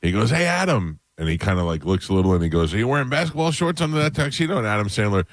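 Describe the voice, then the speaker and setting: A man's voice: on the low side, very fast, dry recording, clean studio sound. A man hosting a morning radio show, chatting casually and telling rambling stories. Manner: rambling, animated storytelling.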